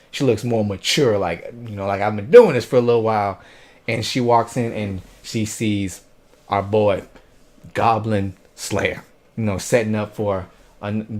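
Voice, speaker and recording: A man with a fairly low voice talks through an anime episode in a loose, casual way. He retells the scenes with energy, dropping into quoted lines and sound effects as he goes. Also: a little mellow. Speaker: anime reviewer.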